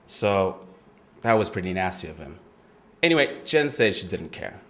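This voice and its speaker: Man acting a defensive young slangy witness; lively, swooping delivery. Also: low-pitched, moderate pace, voice pushed down. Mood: laid-back. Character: young streetwise male murder-trial witness. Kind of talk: audition monologue.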